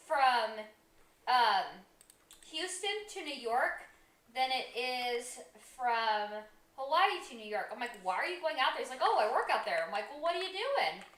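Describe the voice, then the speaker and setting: A woman's voice: sits high, bright, forceful tone. A young woman on a home livestream, telling a rambling story with many ums and reading out chat comments. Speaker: co-host of a livestream. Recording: echoey room.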